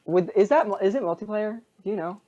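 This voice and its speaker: A man co-hosting a casual gaming podcast, sarcastic and quick to laugh. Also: high-pitched, animated, warm tone, muffled recording. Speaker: podcast co-host. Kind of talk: casual chat.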